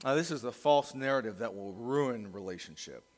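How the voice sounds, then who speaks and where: A man's voice: mid-range voice, lively intonation, moderate pace, long reverb tail. A middle-aged male pastor preaching a conversational sermon, acting out the voices he quotes.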